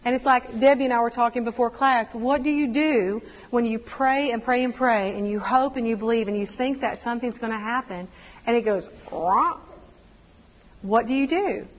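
Woman speaker, animated testimony, slightly high voice, echoing hall. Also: moderate pace. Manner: animated storytelling, acts out quotes. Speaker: women's ministry speaker. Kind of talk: personal testimony sermon.

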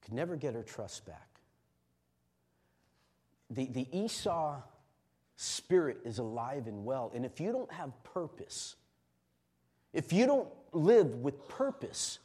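A middle-aged male pastor preaching a sermon, moving from quiet emotional confession to loud, shouted exhortation. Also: mid-range voice, big pitch swings, slow pace, pauses often, husky.

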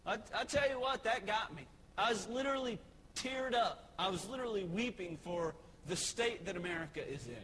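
High-voiced Texan pastor preaching. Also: male voice, fairly quick, a bit bright, rough recording. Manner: conversational storytelling with frequent fillers. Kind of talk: evening sermon. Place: church sanctuary. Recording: clear background noise.

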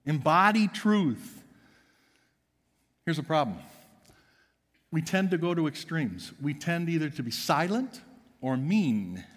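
A pastor delivering an emphatic sermon in a church, swinging between loud and hushed. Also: male voice, a little high, sing-song, takes it slowly, pauses often, long reverb tail. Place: church sanctuary.

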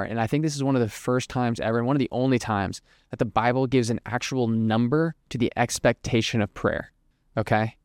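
A man's voice: medium pitch, fairly even intonation, fast, darkish tone, no echo. Young male podcast host, casual preachy talk, filler-heavy, clean dry close mic. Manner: conversational, filler-heavy, lots of "like", acts out hypothetical quotes. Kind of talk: casual Christian teaching monologue.

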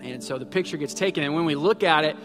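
A man's voice: on the high side, fast talker. A man in his thirties preaching a sermon in a conversational way, acting out little quotes as he goes. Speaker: pastor. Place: church sanctuary. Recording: long hall reverb with faint music.

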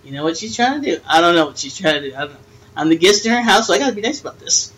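An older woman hosts a podcast from a dim room at a friend's house, rambling in a friendly, teasing, unscripted way and laughing often between thoughts. She talks very fast in an animated, low, fairly bright voice on a low-quality recording.

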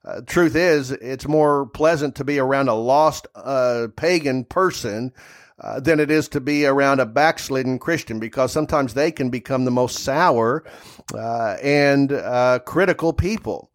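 A man, a pastor, preaching a sermon in an unhurried way, with frequent "uh" pauses as he reads scripture aloud. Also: mid-range voice.

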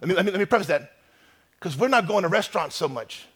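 A man preaching a sermon as pastor, emphatic and swinging between loud declarations and hushed asides. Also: high voice, lively intonation, fast talker, husky. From North America.

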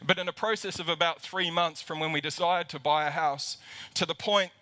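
Speaking a little high at a normal pace, a man with a pushed, bright voice preaches a livestreamed sermon as lead pastor. He addresses a camera in an empty church auditorium, impassioned, repeating words to build emphasis.

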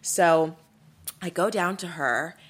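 A woman hosting a podcast, telling a story in a blunt, animated, casual way and swearing freely. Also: fairly low pitch, takes it slowly, slightly rough. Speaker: podcast host.

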